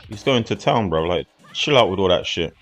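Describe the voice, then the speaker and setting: A man's voice: sits low, expressive, brisk, a bit bright, soft background music. A man, casually commentating a fighting game on a live stream in a loose, slangy, rambling way. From southeast England.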